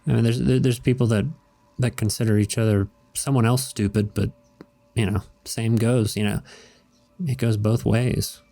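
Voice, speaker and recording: A man's voice: fairly low pitch, little pitch movement, moderate pace, gravelly, dark tone. A man hosting a show where he reads comic strips, chatting casually in a rambling, hesitant way and chuckling now and then. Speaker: host.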